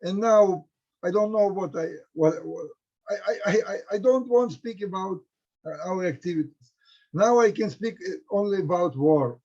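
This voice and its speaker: A middle-aged man with a Ukrainian accent speaks halting English, with many restarts, as a historian talking to students. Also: sits high, a little mellow. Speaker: historian, research center director. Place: home in a war-hit city. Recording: dull lo-fi audio.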